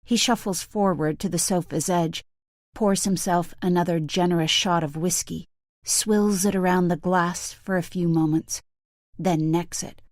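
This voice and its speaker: A woman narrating a thriller audiobook in the first person, measured and hushed, on a close studio mic. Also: on the low side, fairly even intonation, dry recording.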